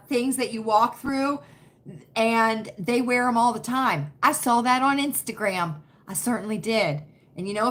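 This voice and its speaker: High, bright-voiced woman chatting live. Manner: chatty, folksy, repeats phrases for emphasis. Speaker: livestream host. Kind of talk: casual live chat with viewers. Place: home. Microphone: computer webcam.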